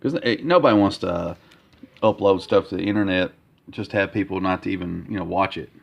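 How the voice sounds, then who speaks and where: A man talking casually in a vlog about his comic art, halting with many fillers and repeated words. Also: sits low, vocal fry. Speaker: comic artist vlogger. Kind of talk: casual progress-update vlog.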